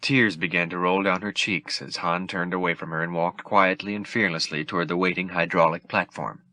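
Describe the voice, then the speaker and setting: A man reading an audiobook aloud in a steady, measured way as narrator. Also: low-pitched, dry recording. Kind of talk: scripted narration.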